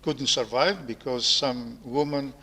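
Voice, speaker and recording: A man's voice: mid-range voice, bright, forceful tone. A man with a Greek accent hosting an interview, speaking hesitantly with frequent fillers. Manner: slow, hesitant, many fillers. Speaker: interview host, professor. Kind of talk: conversational interview. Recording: long reverb of a hall.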